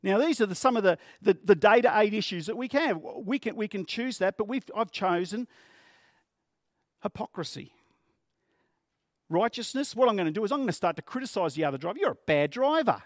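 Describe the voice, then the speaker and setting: A man's voice: high-pitched, animated, fairly quick, pauses often, dry recording, clean studio sound. A man preaching a sermon as pastor, earnest and plain-spoken, using vivid everyday examples.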